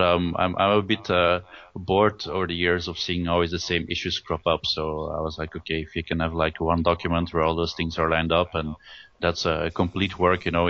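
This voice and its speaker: Very deep, flat-voiced man, hesitant. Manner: hesitant, many restarts and fillers. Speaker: guest, tournament rules writer. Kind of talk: casual interview over a call. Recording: dull lo-fi audio.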